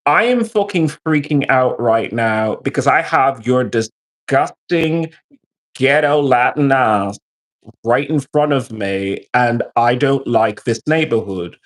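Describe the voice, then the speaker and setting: A man's voice: medium pitch, takes it slowly. A man who is a military veteran, telling stories and ranting profanely to his live-stream chat. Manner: profane, animated storytelling.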